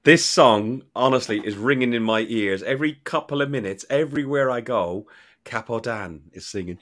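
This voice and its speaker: A man hosting a casual podcast, joking and teasing his co-hosts with loud bursts. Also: mid-range voice, animated, fairly quick. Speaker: podcast host.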